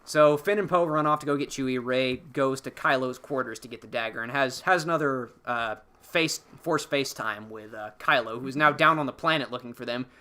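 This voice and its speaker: A man hosting a podcast, telling a film's plot in a casual, profane, animated way and acting out the characters' lines. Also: mid-range voice, a little fast, hardly any pauses. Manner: animated, profane storytelling with acted-out character quotes. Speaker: podcast host. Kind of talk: casual spoiler-filled film recap.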